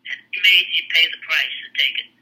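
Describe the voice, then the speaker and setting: An older man in casual conversation, telling family war stories in a rambling, halting way, with many restarts and blunt profanity. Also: on the high side, bright, forceful tone, rough recording.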